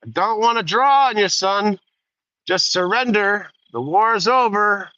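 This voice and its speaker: Guy doing a tired old-west gunfighter voice, pitched way up, kinda loud, muffled lo-fi sound. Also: unhurried, dry recording. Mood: pleading. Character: weary gunslinger man urging surrender.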